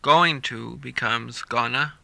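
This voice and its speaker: Male pronunciation tutor, unhurried and deliberate, with a sharp, bright tone. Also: mid-range voice, gravelly, dry recording. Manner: slow, deliberate reading of example sentences for repetition. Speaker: English pronunciation teacher. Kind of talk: scripted listening-practice narration.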